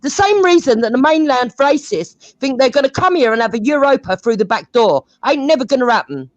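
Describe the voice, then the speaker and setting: A woman's voice: high-pitched, lively intonation, a little fast, no room sound, highs cut off. A woman arguing bluntly in a heated online debate, cutting in and pushing back. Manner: combative, interrupting, blunt. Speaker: debate participant.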